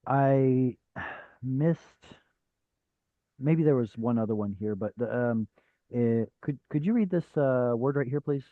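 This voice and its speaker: A man's voice: mid-range voice, measured pace, no echo, phone-quality sound. A man teaching a Hebrew reading class over a video call, patient and step by step, with frequent fillers. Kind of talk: live online class teaching.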